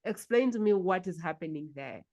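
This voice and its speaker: A woman's voice: fairly low pitch, expressive, brisk. A woman hosting a podcast interview, asking curious follow-up questions and murmuring agreement. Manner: curious questioning, frequent soft affirmations. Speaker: podcast host.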